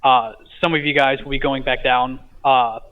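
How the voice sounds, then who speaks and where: A man's voice: mid-range voice, fairly even intonation, normal speed, clear, resonant tone. A man, a podcast guest, casually retelling a dream, hesitant with many fillers and a stutter he mentions himself. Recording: tinny phone-like line.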